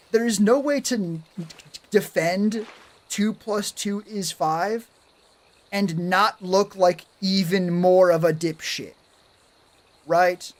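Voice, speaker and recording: A man streaming live, talking casually in a rambling, sarcastic way and swearing a lot. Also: high-pitched.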